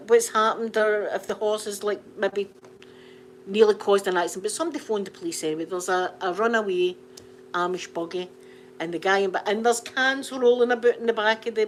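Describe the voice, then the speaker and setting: Scottish lady chatting away, laughing at her own stories, faint hum behind. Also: medium pitch. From Scotland. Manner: animated, laughing, repeats phrases for comic effect. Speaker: channel host. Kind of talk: casual storytelling chat.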